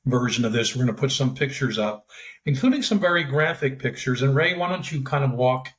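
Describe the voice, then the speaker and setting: A man hosting a podcast interview, joking in relaxed banter. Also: mid-range voice, a little fast. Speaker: podcast host. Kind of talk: casual interview chat.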